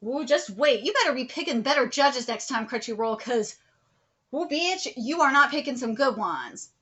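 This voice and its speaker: A woman's voice: high voice, animated, moderate pace, a bit bright. A woman vlogger ranting in a commentary video, blunt and profane, hammering points with repetition. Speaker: anime vlogger.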